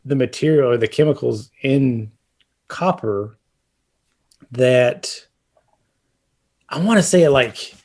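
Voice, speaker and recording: Here a man co-hosting a casual home-repair podcast speaks in an expressive, darkish mid-range voice, taking his time and pausing often. He talks about roofing at length, with frequent fillers and restarts.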